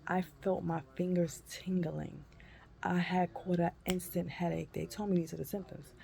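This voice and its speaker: A woman in her fifties telling a personal story in a folksy, animated way and calling listeners honey and baby. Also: on the low side, normal speed, gravelly. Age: 50s. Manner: animated, acts out her own cries and shrieks. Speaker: vlogger.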